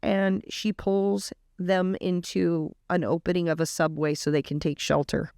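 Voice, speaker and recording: A woman retells a story in an earnest, casual way, leaning on the emotional moments. Her voice has a gravelly edge. The sound is dry and close. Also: lowish voice, flat delivery, a little slow, a little mellow, no echo. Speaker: reaction vlogger.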